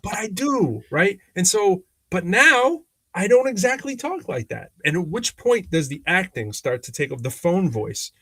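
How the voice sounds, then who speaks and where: A man's voice: sits high, normal speed, few pauses, dry recording. A man co-hosting a podcast, talking casually and animatedly with frequent restarts. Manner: animated storyteller, lots of restarts. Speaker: podcast co-host. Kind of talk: casual conversation.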